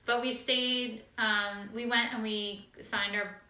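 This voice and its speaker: Woman co-host, easygoing and friendly, bright tone, recorded from a distance. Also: on the high side, steady tone, slow pace. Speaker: co-host of a knitting show. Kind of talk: casual chat. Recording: echoey room, distant mic.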